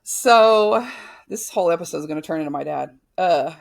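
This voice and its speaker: A woman's voice: on the low side, expressive, normal speed, vocal fry. A woman in her thirties frankly telling her own life story as a podcast host, cursing freely and restarting her sentences often. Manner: frank, profane, full of fillers and restarts. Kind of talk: candid personal storytelling.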